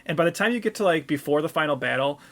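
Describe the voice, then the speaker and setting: Podcast co-host, man, slightly high voice, animated casual chat. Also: rapid-fire. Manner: animated, laughing, many "like"s.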